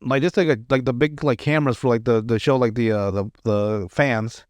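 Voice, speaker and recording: A man's voice: mid-range voice, fairly even intonation, brisk, no echo, clean studio sound. A man hosting a podcast, retelling comedy sketches in casual chat, rambling and profane, with lots of restarts. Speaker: podcast host.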